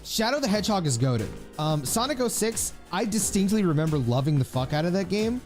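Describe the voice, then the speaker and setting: A young man from the Philippines games on stream and rambles chattily to his viewers, laughing often and using lots of fillers. His high-pitched, darkish voice swings widely in pitch and runs a little fast, with faint music behind.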